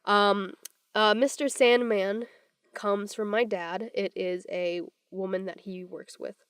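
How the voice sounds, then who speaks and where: Young woman, podcast co-host, animated casual storyteller who quotes people in character, close dry mic. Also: mid-range voice, slow, clear, resonant tone, dry recording.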